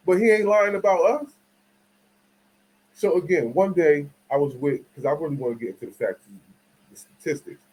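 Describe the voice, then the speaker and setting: A man hosts his own channel, telling stories in casual, slangy commentary that rambles, restarts, and keeps asking listeners to agree and checking they follow. His voice sits on the high side, expressive and a little mellow yet husky, at a normal speed. The recording quality is low.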